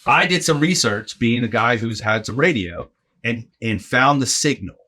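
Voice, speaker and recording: A man telling a story in a casual podcast chat, animated and acting out other people's lines. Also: medium pitch, moderate pace. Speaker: podcast guest, arena game host.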